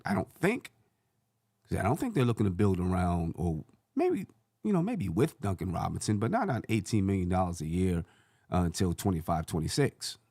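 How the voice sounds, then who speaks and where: A man's voice: fairly low pitch, a little mellow, no room sound, studio quality. A man hosting a sports channel, rambling through casual basketball commentary and correcting himself as he thinks aloud.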